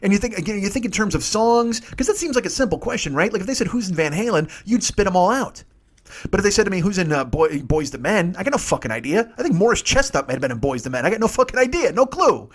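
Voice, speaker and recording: A man in his fifties talks fast and rambles through a profane comic monologue, swearing freely. His voice sits high for a man and swings widely in pitch. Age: 50s. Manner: rambling, swearing, animated storytelling. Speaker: podcast host.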